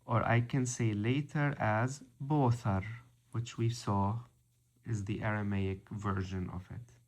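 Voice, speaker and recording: Man, language teacher, very slow pace, repeats words carefully. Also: fairly low pitch, fairly even intonation, a little mellow. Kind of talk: vocabulary lesson.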